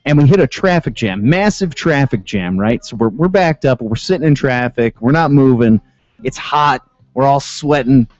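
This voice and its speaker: Casting: lively-voiced man from Western New York, show host, chatty storyteller, dry dull studio sound. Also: medium pitch, normal speed, dry recording. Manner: animated storyteller, laughs often. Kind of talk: casual banter.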